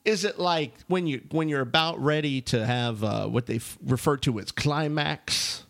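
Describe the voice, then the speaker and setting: Gravelly bawdy male radio co-host. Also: fairly high pitch, normal speed, fairly bright tone, no room sound. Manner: rambling, bawdy, jokey. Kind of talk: casual radio banter.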